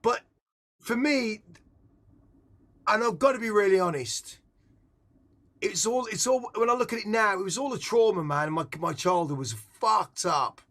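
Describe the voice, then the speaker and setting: A middle-aged man with a voice pitched high for a man. He talks in a casual interview, excitable and frank, with swearing scattered through his speech. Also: moderate pace, long pauses. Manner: candid, excitable, swears freely. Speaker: interviewee, musician. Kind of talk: casual conversation.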